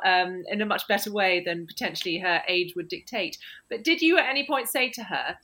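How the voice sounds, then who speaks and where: Bright-voiced woman host. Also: medium pitch, fairly quick, hardly any pauses. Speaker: podcast host. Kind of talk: conversational interview.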